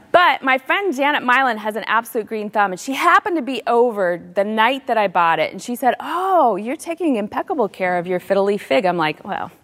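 A middle-aged woman speaks as a Christian author, telling a personal story with heartfelt warmth. She sometimes drops her voice to a hushed, soft tone. Her voice carries a long reverb, as in a large hall. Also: a little high. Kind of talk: personal faith talk.

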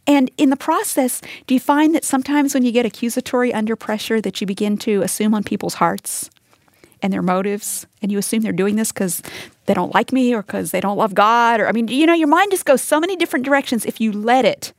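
A woman's voice: on the high side, brisk, no echo, clean studio sound. A woman giving a conversational Bible teaching to women listening, earnest and direct, asking them questions. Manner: earnest, talks straight to listeners with rhetorical questions.

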